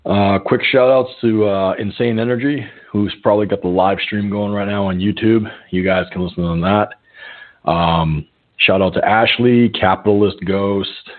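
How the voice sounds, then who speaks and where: Middle aged guy hosting a call-in show from his phone, rambly and swears a lot, lowish voice, sounds tinny. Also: fairly even intonation, measured pace. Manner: rambling, profane, with chuckles and filler words. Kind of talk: casual storytelling chat.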